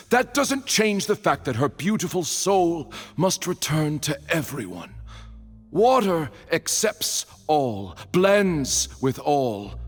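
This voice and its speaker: An actor playing a male juror who speaks for the crowd in a game court, insistent and smoothly persuasive. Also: high voice, big-room sound, heavily acted.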